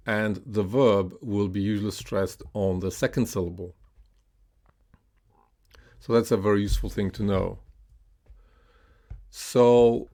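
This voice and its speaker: Low-ish guy teaching pronunciation, super slow and careful, repeats each word. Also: warm tone. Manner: slow and deliberate, with repeated words and fillers. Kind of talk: slide-based pronunciation lesson.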